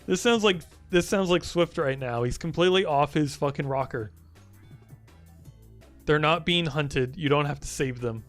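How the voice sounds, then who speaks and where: A man's voice: a little high, normal speed, faint music behind. A young man streaming live, chatting casually, teasing and swearing as he rambles.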